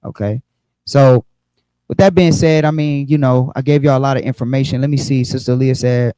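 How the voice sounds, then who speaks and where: A man's voice: mid-range voice, steady tone, normal speed, warm tone, smooth, no echo, low-quality recording. A man teaching an online Bible study, explaining with frequent restarts and repeated words.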